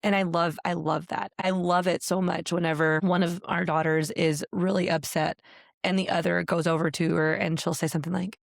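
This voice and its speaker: A woman in her thirties co-hosts a podcast, talking earnestly and frankly in a candid, casual chat and often saying "like" as a filler. Her voice is lowish with fairly even intonation, a moderate pace, and vocal fry, recorded in studio quality with no room sound.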